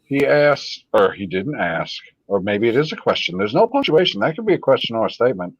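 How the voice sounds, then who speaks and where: A man's voice: on the low side, sing-song, fast talker, breathy edge, no echo, dull audio. A man hosting a live stream, reading viewer comments aloud in a casual, sardonic, profane way.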